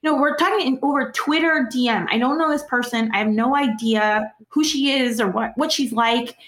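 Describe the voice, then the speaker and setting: High-voiced woman telling organizing stories. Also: moderate pace, roomy sound. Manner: animated, laughs often while telling stories. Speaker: guest, organizer. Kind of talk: conversational storytelling.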